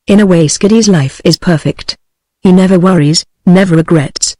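A woman's voice: lowish voice, normal speed, no echo, lightly acted. A British female TTS voice reading a restless teenage girl. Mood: dreamy. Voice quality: even, mechanical text-to-speech delivery.

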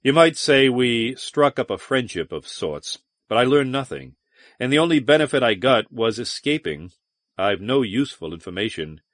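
Guy reading as a moody starship captain, low and measured, dry sound. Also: very animated, a bit bright, dry recording. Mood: guarded. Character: weary, brooding male starship captain.

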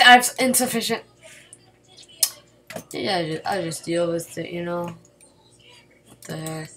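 At her home computer late at night, a woman with a fairly low voice gives casual, excitable gameplay commentary, yelping and repeating words whenever she panics. Background noise is audible.

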